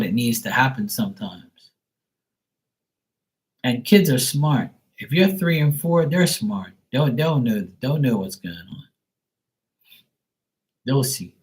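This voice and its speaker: A man, rambling bluntly and profanely in a casual live-stream talk. He restarts his sentences often and acts out quick quotes from kids and fathers. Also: medium pitch, a little mellow, rough recording. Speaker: tarot reader on a livestream.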